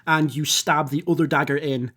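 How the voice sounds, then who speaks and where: A man's voice: on the high side, fairly even intonation, normal speed, fairly bright tone. Man running a tabletop game. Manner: rambling, descriptive with fillers. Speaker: game master.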